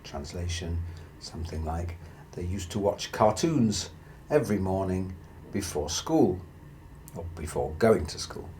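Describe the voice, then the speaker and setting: A man teaching a grammar lesson, explaining slowly and carefully and reading out example sentences. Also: low-pitched, a little mellow, slight background noise. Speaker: Spanish teacher.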